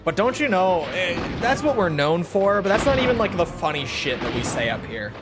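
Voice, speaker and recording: With music in the background, a young man from Minnesota streams a game from his room, his voice sitting high, sing-song, and a little fast. He chats casually with viewers while gaming, rambling, joking, and swearing.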